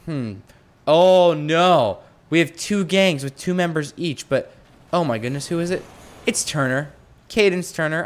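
A young adult man hosting a let's play, chatting through a prison-building game with mumbled asides and excited yelps. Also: on the high side. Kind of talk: gameplay commentary.

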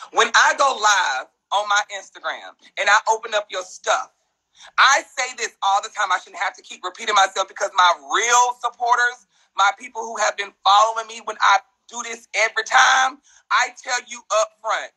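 A man's voice: high-pitched, bright, forceful tone, breathy edge, low-quality recording. A man ranting bluntly and profanely on a phone livestream. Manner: blunt, profane, fast-talking rant. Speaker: social media personality.

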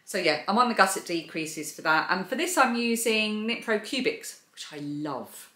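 A woman's voice: medium pitch, expressive, moderate pace, fairly bright tone. A woman hosting a knitting and crochet vlog, chatting enthusiastically about her projects. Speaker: crochet and knitting channel host. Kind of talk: casual show-and-tell vlog. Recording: echoey room.

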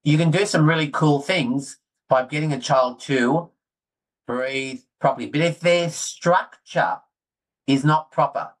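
A middle-aged man, talking excitedly as a guest in a casual interview. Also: on the high side, a little slow, low-quality recording. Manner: excitable, animated storyteller, self-deprecating. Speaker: guest orthodontist.

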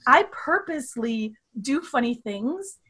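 A woman's voice: sits high, lively intonation, a little slow, fairly bright tone, slightly rough. A middle-aged woman, a guest on a talk show, telling stories about her daughter in a chatty, laughing way. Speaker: guest, mother of co-guest. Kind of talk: casual chat.

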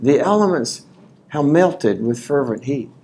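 A man preaching a sermon at a conference, folksy and animated, reading scripture aloud and rising to shouts. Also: medium pitch, unhurried, breathy edge. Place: conference hall.

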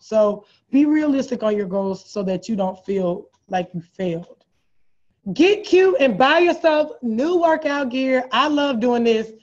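A sassy woman trainer chats her tips straight to viewers in a fairly high voice. Her delivery is animated and playful, and the sound is dull and lo-fi, like a video call. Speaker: fitness trainer. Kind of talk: casual live tips talk.

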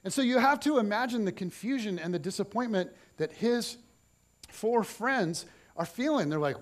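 A man preaching a sermon as pastor, telling the story in an animated way and acting out its scenes. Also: sits high, moderate pace.

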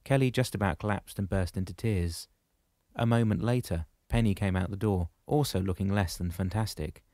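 A man narrates a novel in a steady, measured way. His voice sits low. The recording is close and dry. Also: no room sound. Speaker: audiobook narrator. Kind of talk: scripted narration.

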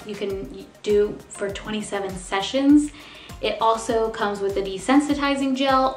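A woman's voice: mid-range voice, roomy sound. A young woman with a slight lisp, chatting upbeat to her viewers in a sponsored product review. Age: young adult. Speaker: beauty vlogger.

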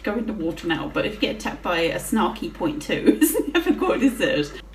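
A woman's voice: on the low side, big pitch swings, fairly quick, recorded from a distance, a little hiss or hum. A woman giving casual gameplay commentary, swearing freely and giggling often as she plays. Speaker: gaming channel host. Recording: roomy with faint music.

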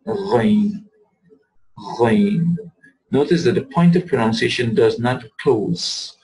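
Gravelly-voiced man teaching pronunciation. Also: medium pitch, darkish tone, low-quality recording. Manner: patient, repeats words slowly to demonstrate pronunciation. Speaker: Arabic teacher. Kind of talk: recorded lesson.

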